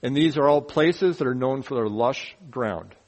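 A man teaching the Bible verse by verse in an animated way. He asks rhetorical questions, makes sound effects, and drops folksy, joking asides. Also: mid-range voice, normal speed, low-quality recording.

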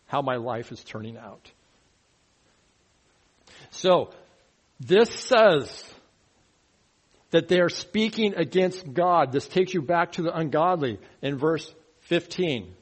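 A pastor with a fairly high voice, lively intonation, and a moderate pace preaches a verse-by-verse sermon. He teaches and questions the congregation, and at times mocks grumblers in a rising, louder voice.

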